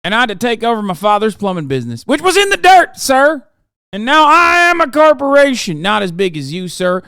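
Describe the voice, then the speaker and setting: A man putting on a high, whiny voice as a fawning, bootlicking male senator in a mocking impression on a stream. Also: wildly swooping pitch, a little fast, pushed and bright, clean tone, no echo, clean studio sound, exaggerated voice. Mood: groveling. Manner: whiny sycophantic mock-servile voice.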